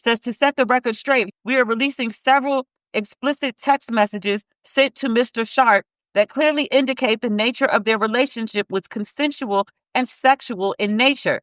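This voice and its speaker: A woman's voice: on the high side, fairly bright tone, no echo, clean studio sound. A woman hosting a podcast, giving blunt, profane commentary, repeating words for emphasis and reading statements aloud. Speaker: podcast host. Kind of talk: casual commentary.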